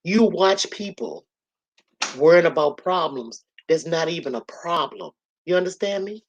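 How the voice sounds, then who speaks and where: A woman's voice: fairly low pitch, lively intonation, unhurried, a little hiss or hum. A woman talks to her viewers from her room at home. Her talk is blunt and earthy. She tells stories in a loose, casual flow, with lots of asides to her audience. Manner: blunt, earthy, storytelling with lots of "you know" and "y'all". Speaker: livestream host.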